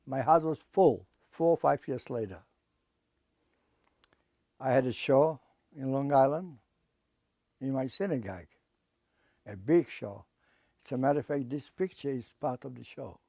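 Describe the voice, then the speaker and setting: An older man giving personal testimony as an interviewee, speaking haltingly and emotionally, often repeating and restarting his words. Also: medium pitch, vocal fry, warm tone, dry recording. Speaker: interviewee, artist.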